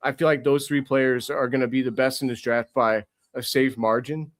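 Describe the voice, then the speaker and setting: A young man hosting a sports podcast, reacting live with euphoric, profane excitement and lots of repetition. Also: mid-range voice, moderate pace. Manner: euphoric, swearing, repeating himself.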